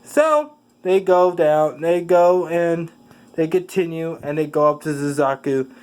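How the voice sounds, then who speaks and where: Casual fan storyteller, mid-pitched, talks slowly, stumbles and corrects themself constantly. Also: a little mellow, clear, resonant tone, poor audio. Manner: halting, with many fillers and self-corrections. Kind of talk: casual rambling retelling.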